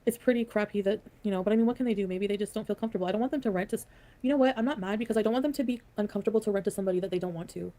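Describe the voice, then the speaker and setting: A woman's voice: medium pitch, racing, dark tone. A woman streamer telling a story on a live stream, rambling and hesitant and full of "like" and "you know". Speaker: streamer in the reacted clip.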